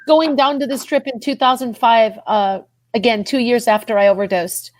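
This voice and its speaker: An earnest woman gives a heartfelt personal testimony on a podcast. Her voice sits a little high and climbs further as she is moved, and she circles back over her own words. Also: steady tone, normal speed, dry recording. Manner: earnest, repeats herself, voice rises when moved. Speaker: podcast guest.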